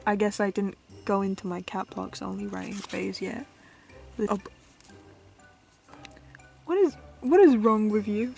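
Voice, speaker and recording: A young British woman with a gravelly, medium-pitched voice chats casually as a vlogger, giggling, poking fun at herself and often trailing off into mutters. She squeals with excitement at her finds, with faint music playing behind her.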